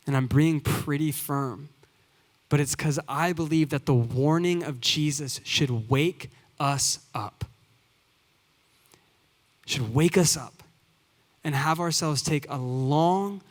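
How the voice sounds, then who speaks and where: A man in his twenties, a youth pastor preaching a sermon in earnest, building to emphatic repeated phrases. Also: a little high. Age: 20s. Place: church sanctuary. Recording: long hall reverb.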